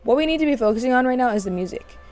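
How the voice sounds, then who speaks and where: A woman voicing a calm but firm young female singer who stands her ground. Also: fairly high pitch, racing, soft background music, pitched above the performer's own voice, close to an everyday voice. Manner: firm, no-nonsense.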